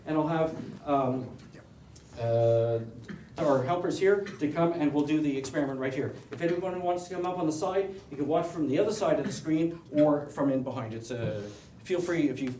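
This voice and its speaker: A man's voice: a little high, a little mellow. A man with a Canadian accent giving a casual, rambling presentation to a club audience, with joking asides and frequent restarts. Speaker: presenter at an astronomy club meeting. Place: meeting room. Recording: echoey room, voice from far off, faint hiss.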